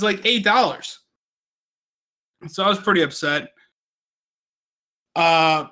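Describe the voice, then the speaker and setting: A drunk man hosting a podcast, telling a story in a profane rant with loud outbursts. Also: sits high. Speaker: podcast host. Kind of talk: casual drunk chat.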